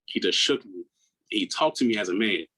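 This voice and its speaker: A man's voice: lowish voice, lively intonation, normal speed, bright, forceful tone, low-quality recording. Earnest man telling a raw personal story. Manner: earnest, raw, often restarts words; acts out quoted people in a raised voice. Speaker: podcast guest.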